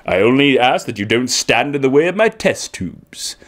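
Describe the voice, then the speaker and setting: A man putting on the voice of a grandiose aging male supervillain, declaiming slowly and solemnly. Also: medium pitch, big pitch swings, close to an everyday voice. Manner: slow, solemn, dramatic declaiming.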